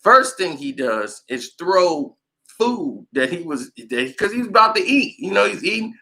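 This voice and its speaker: A man giving casual sports commentary, telling the story in an animated way and laughing often. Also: high-pitched, measured pace, creaky, rough recording.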